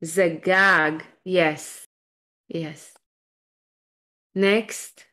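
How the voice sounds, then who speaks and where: A woman leads a Hebrew class on a video call. Her voice sits a little low and she speaks slowly and patiently. She sounds out each letter step by step and praises her students' answers. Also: steady tone, pushed and bright. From Israel. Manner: patient, encouraging, explains step by step with restarts. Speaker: Hebrew teacher. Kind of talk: live online language class.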